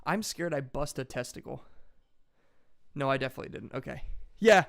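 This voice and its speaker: A man's voice: medium pitch, moderate pace, vocal fry, long pauses. A man in a casual comedic chat, ranting crudely and with lots of swearing. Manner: crude, profane, animated ranting. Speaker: podcast co-host.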